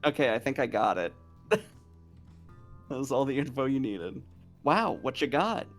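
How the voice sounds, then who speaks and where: A man's voice: mid-range voice, very animated, normal speed, soft background music. Giggly, rambling male storyteller. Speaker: co-host on a stream. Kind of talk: casual anecdote-telling.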